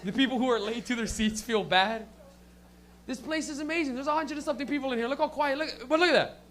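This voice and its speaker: High-voiced, profane young stand-up comic. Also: male voice, fast talker, fairly bright tone. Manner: loose, profane, crowd-teasing banter. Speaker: stand-up comedian. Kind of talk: stand-up crowd work.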